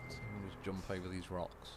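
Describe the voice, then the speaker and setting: A man's voice: low voice, completely flat delivery, fairly quick, loud music behind the voice. A young man livestreaming a game, chatting casually and rambling through anecdotes, swearing freely. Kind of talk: casual chat while gaming.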